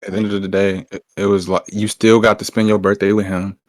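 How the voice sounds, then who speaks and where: A man's voice: on the low side, level tone, fast talker, dry recording. A young man in a heated group discussion, bluntly cutting in to lecture one side. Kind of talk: heated casual argument.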